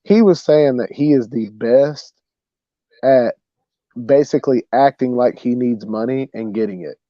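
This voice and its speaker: A young man hosting a livestream, casually telling a funny story, animated and saying "bro" a lot. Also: medium pitch, measured pace, no room sound, muffled recording. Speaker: livestream host.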